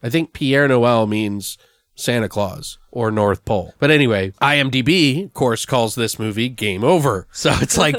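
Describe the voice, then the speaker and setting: A man's voice: mid-range voice, animated, moderate pace, fairly bright tone, no echo. Podcast host, male, casual and profane, reads film trivia, dry close sound. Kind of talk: casual movie podcast chat.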